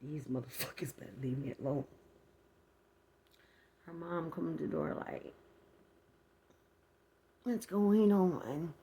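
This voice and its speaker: A storyteller vlogger with a deep, mellow, husky voice shares a personal story with her viewers at normal speed, leaving long pauses. She's blunt and heavily profane, speaks to them directly, and vividly acts out sounds as she retells it.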